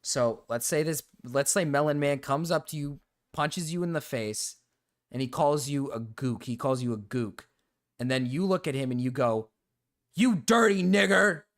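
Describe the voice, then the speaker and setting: A man streaming live, joking loudly and swearing in casual banter. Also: mid-range voice, moderate pace. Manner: loud, joking, swears a lot.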